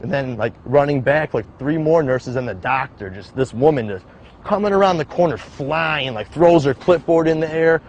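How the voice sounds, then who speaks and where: A young man recounting a personal survival story in a casual, halting way, with many "like" fillers. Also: a little high, lively intonation, highs cut off, slight background noise. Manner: casual, halting, heavy use of "like". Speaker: survivor telling his story. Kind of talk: documentary-style personal account. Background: background music.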